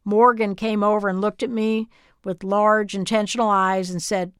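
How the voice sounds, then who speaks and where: A Texas woman narrates her own memoir as a scripted audiobook, telling it in a measured, even way. Her medium-pitched voice is smooth, and the studio recording is clean with no echo.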